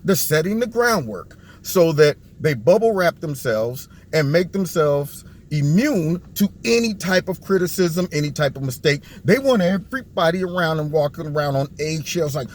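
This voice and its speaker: A man delivers sarcastic commentary on a clip, talking straight to his viewers. His voice sits a little high, with a faint hiss behind it. He keeps mocking the people in the clip and sometimes drops into a low put-on voice to act out what they must be thinking. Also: lively intonation, moderate pace, few pauses. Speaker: political commentary vlogger.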